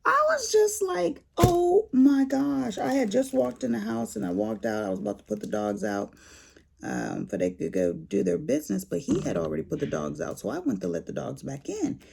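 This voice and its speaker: An older woman vlogging to her viewers, telling a story in a folksy, animated way. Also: low voice, a little fast, creaky, slight background noise. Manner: animated storyteller, folksy Southern-style talk. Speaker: crafting vlogger. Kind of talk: casual chat to viewers.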